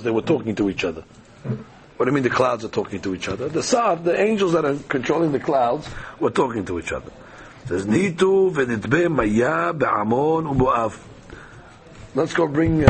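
A man's voice: mid-range voice, fairly bright tone, a little hiss or hum. A man teaching a daily Talmud class, reading the Aramaic text aloud and explaining it in casual, conversational English.

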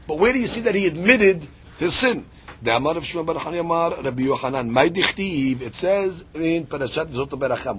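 A man's voice: a little high, fairly bright tone, breathy edge. A man teaching a daily Talmud lesson, explaining step by step with many fillers and restarts and rising to emphatic peaks. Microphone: podcast recording.

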